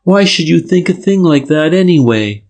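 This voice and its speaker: A man's voice: a little high, lively intonation, moderate pace, darkish tone, voice pushed up. A man voicing a frightened young woman with a slight Irish lilt, tremulous and defensive.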